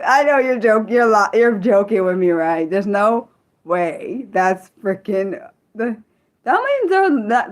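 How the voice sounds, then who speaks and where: Animated, excitable young woman streamer. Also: mid-range voice. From United States. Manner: excitable, incredulous outbursts, stumbling restarts. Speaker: livestream host. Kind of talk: casual livestream chat reading viewer comments.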